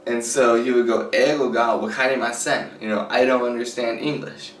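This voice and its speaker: A man hosting a casual tutorial video, explaining beginner Japanese in a loose, chatty way and slowing down to spell out words. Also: medium pitch, fairly even intonation, fairly bright tone, slight background noise. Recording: echoey room, distant from the mic, faint ambience.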